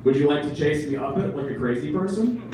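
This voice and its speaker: A man's voice: fairly high pitch, animated, quick pace, warm tone, slight background noise, close to an everyday voice. Playful, polite squirrel read by a man, heard from a far mic in a very echoey room. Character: chatty, friendly parent squirrel.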